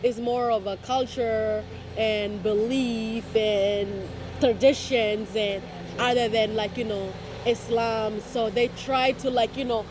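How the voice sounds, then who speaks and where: A young woman being interviewed, talking casually and with animated storytelling. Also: fairly high pitch, slight background noise. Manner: animated storytelling with quoted voices.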